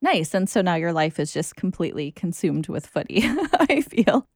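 A woman with a somewhat low voice interviews her guest in a friendly, casual way, laughing easily. Her voice is close and dry. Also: sing-song, moderate pace, darkish tone, no echo.

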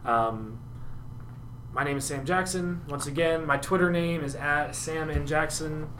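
A man's voice: a little high, unhurried, a bit bright, a little hiss or hum. A young man hosting a casual political podcast, talking loosely and laughing easily. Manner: conversational, hedging, laughs easily. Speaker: podcast host.

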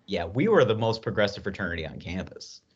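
A man's voice: lowish voice, very animated, fast talker, husky. A man co-hosting a podcast, telling a story in a rambling, laughing, casual way. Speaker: podcast co-host. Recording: dull lo-fi sound.

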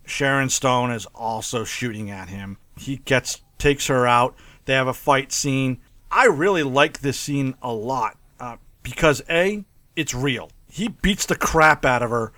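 A man's voice: mid-range voice, a little slow, bright, forceful tone, no room sound. A man co-hosting a casual movie discussion, acting out scenes with mock quotes and laughter. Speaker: podcast co-host.

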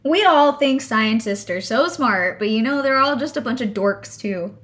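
A woman's voice: a little high, expressive, normal speed, a bit bright. A woman co-hosting a casual podcast, blunt and joking, swearing casually. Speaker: podcast co-host. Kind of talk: casual chat.

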